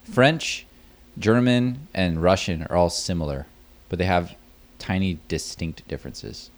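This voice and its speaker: A man's voice: low-pitched, unhurried. A man co-hosting a podcast at home, chatting casually and explaining things with stumbling restarts. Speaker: podcast co-host. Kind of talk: casual chat.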